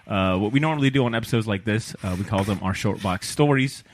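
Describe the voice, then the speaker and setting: A man hosting a comic book podcast, introducing segments in a relaxed way with frequent "uh" and "um" fillers. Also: lowish voice, quick pace, a little hiss or hum. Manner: relaxed, filler-heavy segue talk. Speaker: podcast host.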